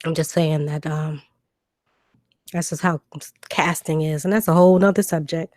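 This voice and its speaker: A woman's voice: low-pitched, steady tone, normal speed, a little mellow, dry recording, clean studio sound. Chatty woman answering viewers on a livestream. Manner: reads out viewer questions and answers them, with many ums and restarts. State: has a cough drop in her mouth. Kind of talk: casual livestream chat. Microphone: new desk microphone.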